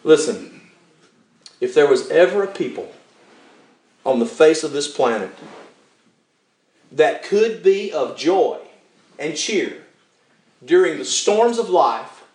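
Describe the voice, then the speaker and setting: An older man preaching a sermon, telling the story with lively acted-out voices and frequent chuckles. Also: fairly high pitch, slow, long pauses. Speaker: pastor.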